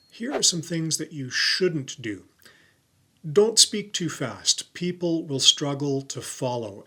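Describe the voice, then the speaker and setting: A middle-aged man hosts a tutorial on camera, his voice bright and a little high for a man. He speaks in a clear, deliberate presenter's manner and leans on his key words. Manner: clear, deliberate presenter delivery with stressed keywords. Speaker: YouTube coach and host.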